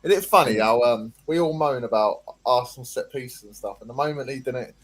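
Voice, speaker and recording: This man, speaking at a medium pitch and a brisk pace, hosts a casual livestream chat. He reads viewer comments aloud in a chatty way, hesitating often with lots of ums.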